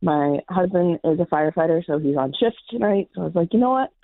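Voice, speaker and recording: A woman's voice: lowish voice, fairly quick, creaky, no echo. Chatty woman in her thirties on the phone. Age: 30s. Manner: chatty, upbeat. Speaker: caller. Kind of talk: casual phone call. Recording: tinny phone line.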